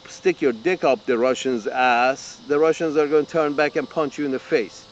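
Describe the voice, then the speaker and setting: High-voiced man ranting angrily. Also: normal speed, few pauses, dull audio, a little hiss or hum. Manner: angry, profane, repetitive ranting with frequent restarts. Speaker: political commentator. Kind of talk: ranting open-letter monologue.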